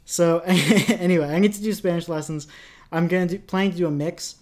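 A man's voice: sits high, fairly even intonation, a little fast. A young man from rural Canada, co-hosting a podcast in casual, rambling chat and laughing at himself often. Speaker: podcast co-host.

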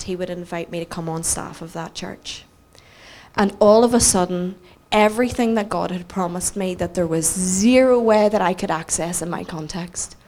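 A woman with a Northern Irish accent telling a story in a sermon, animated and self-mocking, acting out the people she quotes. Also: lowish voice. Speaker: preacher.

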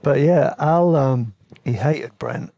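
A podcast host tells a travel story in a relaxed, chatty ramble packed with slang and easy laughter. His gravelly, mellow voice is medium-pitched and unhurried, recorded close and dry on a podcast mic with no echo and the highs cut off.

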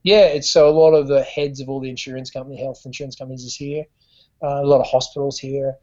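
A man's voice: mid-range voice, level tone, fast talker, warm tone, lo-fi sound. A man with an Australian accent, a musician guest telling stories in a rambling way with frequent restarts. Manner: rambling, lots of restarts and fillers. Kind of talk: conversational storytelling.

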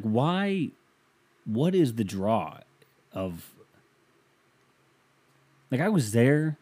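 An American man hosts a casual solo podcast, reading listener emails while he rambles, swears freely and gets sarcastic. His voice is medium-pitched with a dark tone.

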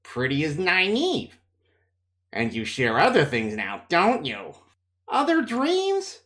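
A feverish young man speaks in a hoarse rasp, as a man reads him. He is sly and suspicious, taunting the people around him with sneering questions, his voice rising and falling a great deal. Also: high voice, wildly swooping pitch, slow pace, a bit bright, pitched above the performer's own voice, heavily acted. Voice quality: hoarse, rasping.

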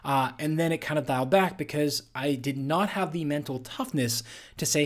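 A man's voice: a little high, moderate pace. A male athlete hosting a solo podcast, talking earnestly and conversationally with frequent fillers.

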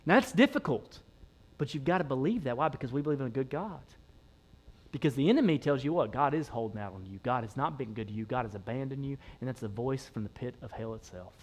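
Emphatic pastor preaching a sermon. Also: male voice, medium pitch, expressive, fast talker. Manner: emphatic, repetitive preaching with rising shouts.

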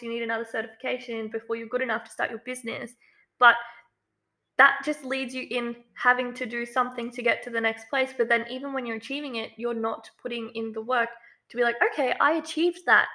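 A woman co-hosting a self-development podcast in an upbeat, chatty way. Her voice is bright and clear and sits a little high, and she leans on filler words as she talks. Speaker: podcast co-host. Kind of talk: casual podcast chat.

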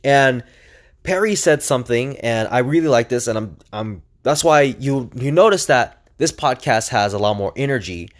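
Energetic young man hosting a podcast. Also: medium pitch, moderate pace. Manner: energetic and chatty, many fillers and restarts. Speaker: podcast host. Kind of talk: casual solo podcast monologue.

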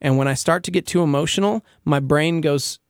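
A man's voice: fairly high pitch, a little fast, clean tone, no room sound, studio quality. A man co-hosting a radio show, talking in an earnest, emotional, casual way and laughing easily. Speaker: radio co-host. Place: radio studio. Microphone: studio microphone.

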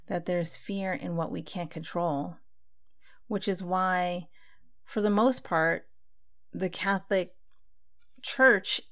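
A woman's voice: lowish voice, fairly bright tone. A woman giving a casual spiritual talk, speaking conversationally and acting out her own inner dialogue.

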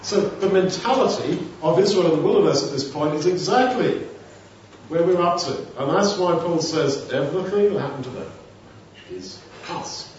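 A man delivers a sermon in a chatty, conversational style, slipping into quick acted-out dialogues. His voice sits a little high. He is recorded from a distance in a booming, echoey hall, with a dull tone and a faint background hum. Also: animated, a little mellow. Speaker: preacher. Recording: echoey room, distant mic, dull sound.

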